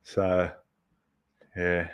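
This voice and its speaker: A man's voice: low voice, monotone, extremely slow. A man hosting a casual livestream, rambling as he answers viewers' chat messages. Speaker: livestream host.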